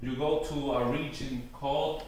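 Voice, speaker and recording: A man giving an informal workshop talk, hesitant and full of "um" and "you know", slowing down to spell out words. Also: medium pitch, fairly even intonation, darkish tone. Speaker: workshop presenter on Taíno tradition. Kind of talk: informal teaching talk to a live group. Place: workshop room. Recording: very echoey room, far from the mic, faint noise.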